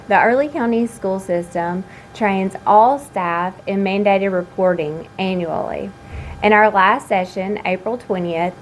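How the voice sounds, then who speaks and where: A woman host leads a school wellness interview at a measured pace and answers her guest with short affirmations. Her voice sits in a middle register, and a faint noise runs behind it. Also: mid-range voice, rough recording. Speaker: school student services director, host. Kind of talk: informational interview and presentation.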